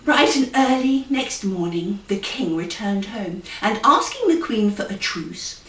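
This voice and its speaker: A woman's voice: mid-range voice, very animated, a little slow, a bit bright. A woman comedy poet and ventriloquist reciting a rhyming fairy tale in a playful, sing-song way. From England. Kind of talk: storytelling verse recitation. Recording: roomy, distant mic.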